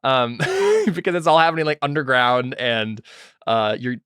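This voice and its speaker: With big pitch swings and a slightly slow pace, a man's mid-range voice sounds fairly bright, clear, and resonant as he runs a tabletop role-playing game. He's loose and filler-heavy, asking the players what they do, in a studio recording free of room sound.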